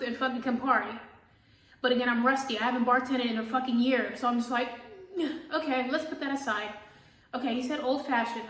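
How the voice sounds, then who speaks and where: A woman's voice: sits high, recorded from a distance. A woman telling a casual story about a job interview, swearing a lot and acting out both sides of the conversation. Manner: animated, profane, acts out both sides of conversations. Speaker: tarot reader telling a story. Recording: echoey room.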